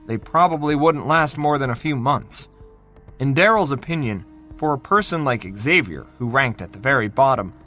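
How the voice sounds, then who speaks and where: A man narrating a fantasy novel in an expressive, dramatic reading style. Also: mid-range voice. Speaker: audiobook narrator.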